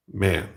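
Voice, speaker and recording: A man hosting his own channel, chatting casually and jokingly while he draws. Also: a bit bright. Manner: rambling, jokey, self-mocking. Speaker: channel host. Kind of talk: casual chat while drawing.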